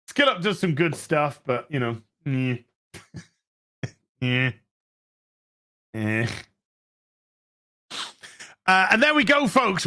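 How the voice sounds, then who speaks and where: A man hosting a livestream, reading out superchats in an animated, sweary way with quick asides. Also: sits high. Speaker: streamer host.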